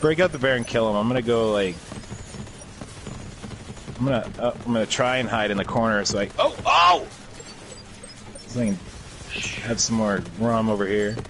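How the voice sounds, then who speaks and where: A man's voice: on the low side, fairly even intonation, a little fast, long pauses, slight background noise. A man bantering and joking with a friend while playing a game, throwing in teasing asides. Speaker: gamer chatting with a friend. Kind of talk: casual chat while gaming.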